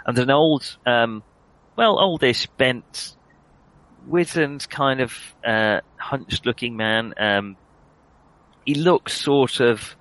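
A man's voice: medium pitch, slow pace, fairly bright tone, poor audio. A man narrating a tabletop game as game master, hesitant, with many fillers and self-corrections.

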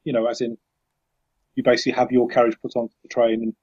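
Husky man on a dull lo-fi mic. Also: medium pitch, completely flat delivery, quick pace, a little mellow, no room sound. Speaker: player. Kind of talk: casual tabletop chat.

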